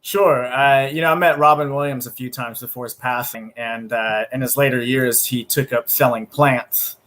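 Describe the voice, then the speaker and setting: A man's voice: mid-range voice, fairly even intonation, normal speed, fairly bright tone. A laid-back man from California, a guest comedian on a video call. He talks casually and swears freely between puns. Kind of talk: casual chat and pun telling.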